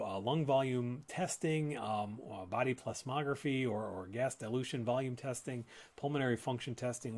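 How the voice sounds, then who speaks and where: A man's voice: mid-range voice, darkish tone. Man explaining lung health, casual and plain. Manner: conversational, explanatory, with frequent restarts. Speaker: respiratory therapist and show host. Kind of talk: live educational talk.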